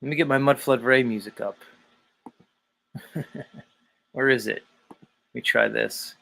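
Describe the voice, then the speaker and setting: A man's voice: medium pitch, fairly even intonation, unhurried, gravelly, a bit bright. A man hosting a live stream show, talking casually in a rambling, profane way and chuckling often.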